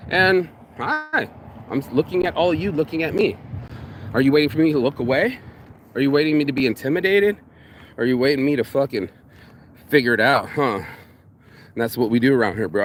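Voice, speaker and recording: A man's voice: mid-range voice, expressive, a little fast, pauses often, slight background noise. A man vlogging outdoors in a park, ranting bluntly and profanely in a casual monologue.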